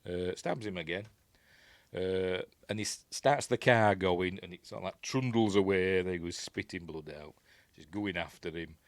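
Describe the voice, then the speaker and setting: Yorkshire man, lowish voice, dry close sound, rambling film recap full of asides. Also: moderate pace, no echo. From Yorkshire, England. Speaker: film reviewer.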